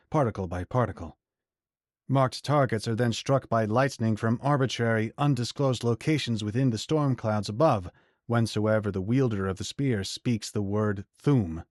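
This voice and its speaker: A man reads a fantasy audiobook in a measured, even storytelling manner. His voice sits mid-range for a man. The recording is close and dry, with no room sound. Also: mid-range voice, no echo. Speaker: audiobook narrator. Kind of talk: scripted fantasy narration.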